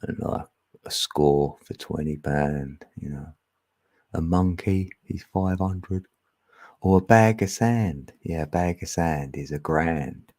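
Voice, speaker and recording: Cockney man, livestream host, dark husky low voice, chatty. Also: slow. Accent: Cockney, East London. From England. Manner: chatty, chuckling, reads chat aloud. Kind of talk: casual livestream chat.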